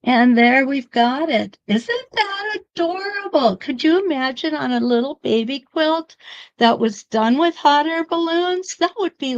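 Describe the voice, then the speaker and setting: Slow, gravelly-voiced chatty quilting teacher woman. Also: sits high, dull audio. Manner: chatty, laughs, talks to viewers. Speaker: quilting instructor. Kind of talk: live-streamed quilting demo.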